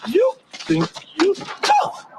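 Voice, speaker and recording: A sneering, ranting bully. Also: male voice, very high voice, wildly swooping pitch, drawn-out words, gravelly, heavy background noise, full character voice. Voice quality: sneering, insulting. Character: bitter, hostile man ranting in a film scene. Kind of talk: film acting. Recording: film clip with music under it.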